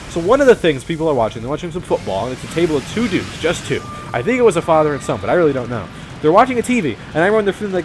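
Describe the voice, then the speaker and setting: A young man giving casual, rambling commentary over a game, animated and full of swearing. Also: fairly high pitch, a little hiss or hum. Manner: rambling, profane, animated storytelling. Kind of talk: casual let's-play commentary.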